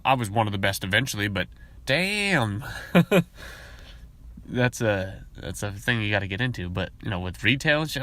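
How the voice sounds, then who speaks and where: A man hosting a podcast, talking in a casual, rambling monologue full of profanity, and sometimes mimicking coworkers in high voices. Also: bright, forceful tone, no room sound. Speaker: podcast host.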